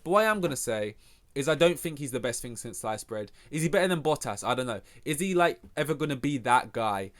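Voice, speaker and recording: A young man hosting a podcast, giving rambling, opinionated sports takes full of swearing and sudden bursts of excitement. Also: mid-range voice, a little fast. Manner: heavy swearing, rambling, animated rants. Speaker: podcast host. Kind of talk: casual opinionated sports chat.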